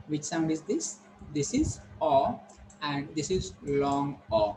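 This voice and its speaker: A man teaching vowel sounds, saying each example word slowly and repeating it. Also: a little high, fairly bright tone, a little hiss or hum, low-quality recording. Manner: slow, repetitive, modelling each word carefully. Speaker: English pronunciation teacher. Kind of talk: classroom lesson on vowel sounds.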